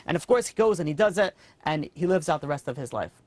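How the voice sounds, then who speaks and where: A man giving a storytelling sermon as a rabbi, earnest and animated. His talk is casual, with fillers and restarts, and the sound is dry and close. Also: a little high, fast, no room sound. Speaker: rabbi teaching a class.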